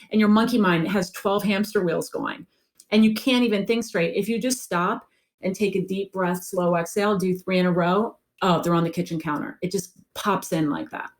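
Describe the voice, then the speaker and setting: A woman's voice: medium pitch, moderate pace. A woman life coach answering interview questions in an earnest storytelling way, repeating phrases for emphasis.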